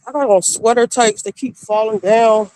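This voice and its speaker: A woman's voice: fairly high pitch, normal speed. Blunt woman telling stories on stream. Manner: blunt, animated, acts out quoted people. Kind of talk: casual storytelling.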